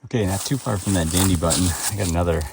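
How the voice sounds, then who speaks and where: A man's voice: sits low, very fast, vocal fry, recorded from a distance, noisy background. A man hosting a metal detecting vlog outdoors at a dig site, talking with lots of fillers and exclamations as he digs. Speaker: metal detecting channel host.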